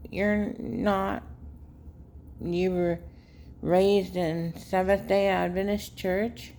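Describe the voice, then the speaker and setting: A woman speaks slowly and casually to her viewers, drifting through a story with lots of ums. Her voice is low-pitched and gravelly. A faint noise sits behind her. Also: mellow. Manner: rambling, unhurried, many fillers. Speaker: vlogger, caregiver daughter.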